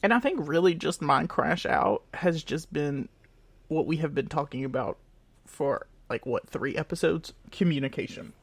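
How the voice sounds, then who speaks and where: A young man co-hosting a podcast in casual chat, expressive and given to loud laughs. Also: fairly high pitch, moderate pace, gravelly, husky, no room sound. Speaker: podcast co-host.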